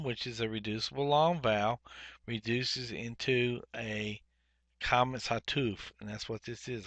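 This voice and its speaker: A man teaching a Biblical Hebrew workbook lesson, speaking deliberately and saying each Hebrew word twice, with frequent "uh" fillers. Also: medium pitch, fairly bright tone, no echo. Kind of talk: workbook lesson, explaining grammar.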